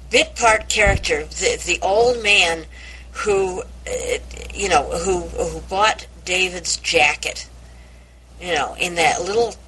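A woman in a casual group discussion about audiobook narrators, talking emphatically with halting restarts. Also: on the low side, bright, forceful tone, a little hiss or hum, low-quality recording.

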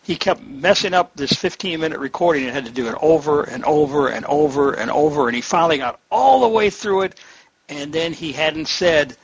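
A man's voice: on the high side, expressive, a little fast, low-quality recording. A man in a book club chat, telling an anecdote in an amused, storytelling way. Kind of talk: casual anecdote.

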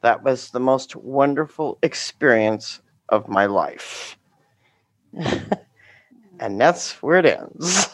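Slow, dry-voiced woman storyteller. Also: extremely low pitch, expressive, dry recording. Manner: slow, deliberate, dramatic delivery with wry humor. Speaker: guest telling a teaching story.

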